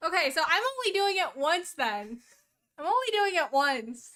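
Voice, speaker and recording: A woman's voice: very high voice, sing-song, moderate pace, pushed and bright. A woman chatting on a live stream, giggly and hesitant, often trailing off. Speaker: stream guest. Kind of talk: casual live-stream banter.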